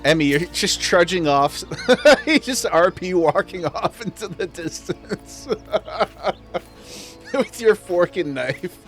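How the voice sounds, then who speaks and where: A man streaming a game, chatting casually with his viewers, playful and quick to laugh as he talks straight to chat. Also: sits high, lively intonation, fairly bright tone, soft background music. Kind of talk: casual live-stream chat while gaming.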